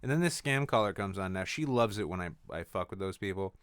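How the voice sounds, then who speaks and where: A man's voice: low-pitched, expressive, fast talker, fairly bright tone, clean tone, no echo. A man hosting a podcast, telling rambling stories in casual chat. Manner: rambling storyteller who acts out voices. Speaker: podcast host.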